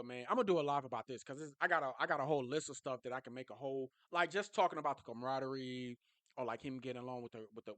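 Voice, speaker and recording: A man talking casually and excitably as a football fan vlogger, jumping from low mutters to high yelps. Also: dry recording. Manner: animated, excitable, swings from low mumbling to high shouts.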